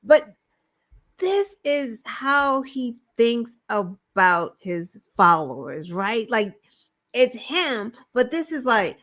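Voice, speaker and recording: A woman co-hosts a casual political talk show, sounding exasperated and swearing freely. Her voice is high and moves a lot, and she fills her talk with "like.". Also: very animated, takes it slowly, fairly bright tone. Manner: exasperated, swearing, uses "like" often. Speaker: co-host.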